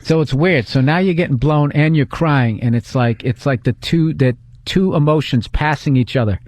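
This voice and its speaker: A man's voice: on the high side, moderate pace, a little mellow, no room sound. A man co-hosting a casual comedic podcast, rambling and profane, often stumbling through restarts. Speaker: podcast co-host.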